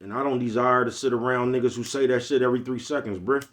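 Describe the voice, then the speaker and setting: A man with an East Oakland accent talks straight to his viewers in a loose, profane rant. His pitch sits at an ordinary middle, and he keeps asking whether his listeners follow him. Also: steady tone, fast, a bit bright. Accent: Bay Area Black American English. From East Oakland, California. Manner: blunt, profane street talk, repeats "you know what I'm talking about". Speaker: vlogger. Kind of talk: casual monologue.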